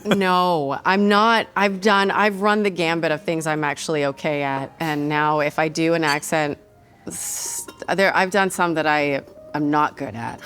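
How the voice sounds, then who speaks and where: A woman's voice: deep voice, fairly even intonation, measured pace, fairly bright tone, faint music behind. A woman in her forties, a voice actor, chatting playfully over a meal and laughing often. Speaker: guest, voice actor. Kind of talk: casual chat over a meal.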